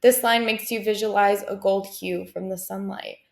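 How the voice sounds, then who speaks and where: A young woman reads her school presentation with steady, careful pacing, pausing between each listed point. Her voice sits in the middle range, and the room gives it a noticeable echo. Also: medium pitch, vocal fry. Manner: steady, careful reading with list-like pauses. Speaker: student presenter. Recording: roomy, echoey sound.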